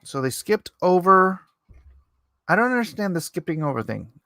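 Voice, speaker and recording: A man's voice: sits high, very animated, moderate pace, bright, forceful tone, no room sound, clean studio sound. A man hosting a casual livestream, reading viewer comments aloud and chatting back in a rambling, self-deprecating way. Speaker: livestream host.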